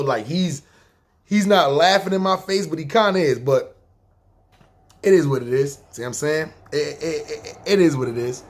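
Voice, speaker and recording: A man with a New York accent tells a story from his own life in a relaxed, foul-mouthed style. His voice sits a bit high for a man and has a husky grain. He slips into quick impressions of the people in the story and keeps coming back to the same catchphrases. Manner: profane, laid-back, repeats catchphrases, acts out quotes. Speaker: podcast storyteller. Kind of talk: casual spoken storytelling.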